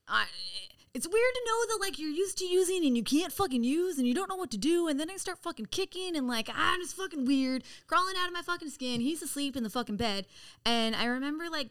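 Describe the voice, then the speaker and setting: A woman guest on a podcast telling her story in casual, profane speech, acting out quoted lines. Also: high-pitched. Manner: animated, profane, acts out quotes.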